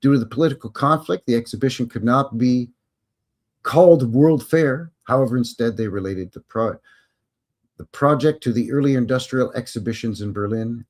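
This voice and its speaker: A man hosting a live history stream, chatting casually with jokes and rambling asides. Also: fairly low pitch. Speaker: host.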